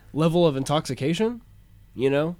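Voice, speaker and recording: A man's voice: on the high side, expressive, unhurried, darkish tone, dry recording. A man appearing as a guest on a podcast, talking casually and hesitantly with frequent laughs. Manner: laid-back, hesitant, laughs often. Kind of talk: casual chat.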